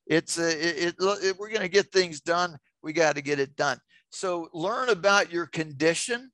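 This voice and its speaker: An older man giving an informal, enthusiastic webinar presentation on self-care, filling pauses with "uh" and "you know" and getting louder when excited. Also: a little high, dry recording. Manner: enthusiastic, gets loud when excited, many fillers.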